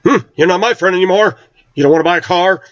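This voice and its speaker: A syrupy, pushy salesman, as a man mimics him, chirps in a high, fake-cheerful voice. The sound is dull and lo-fi, with no room echo at all. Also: quick pace, lightly acted. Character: pushy, overly friendly male salesman.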